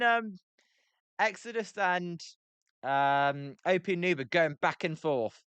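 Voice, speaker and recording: A man's voice: on the high side, lively intonation, slow pace, fairly bright tone, smooth, dry recording. A British man hosting a casual live watch-along stream, reading chat messages aloud between play calls, with lots of ums and uhs. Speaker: livestream host.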